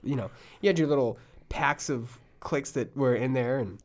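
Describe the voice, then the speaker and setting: A man co-hosting a relaxed talk, a stand-up comic who teases his co-host with jokes. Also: mid-range voice, normal speed. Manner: teasing, joking banter. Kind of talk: casual chat.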